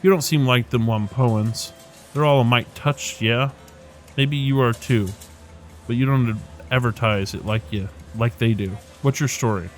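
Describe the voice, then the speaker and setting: A man's voice: mid-range voice, unhurried, faint music behind, natural voice. A man voicing a tough, blunt woman with a put-on Irish accent in a video game, talking wry folksy slang.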